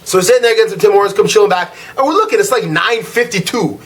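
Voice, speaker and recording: A young man from Canada, a vlog host, telling a travel story as a slangy, animated rant. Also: high voice, fast. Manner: animated, slangy, swings from loud irritation to laid-back drawl.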